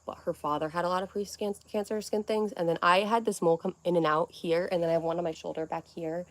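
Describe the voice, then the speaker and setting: A woman's voice: fairly low pitch, fairly even intonation, fast. A young woman chatting on a casual livestream from her family home, out of breath, rambling with lots of "like" and baby talk to her pets.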